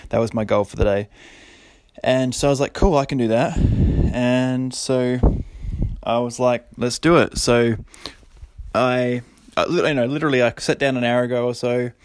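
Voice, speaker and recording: In his thirties, a man hosts his own podcast, rambling casually through a solo monologue that's self-deprecating and motivational, with frequent laughs. His mid-range voice holds a steady tone at normal speed, with slight background noise.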